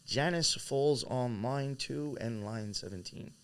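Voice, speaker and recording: A man with a smooth, clear voice and a mid-range pitch co-hosts a casual podcast. He cuts in with quick remarks. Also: fairly bright tone. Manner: cuts in with quick conspiratorial asides. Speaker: podcast co-host.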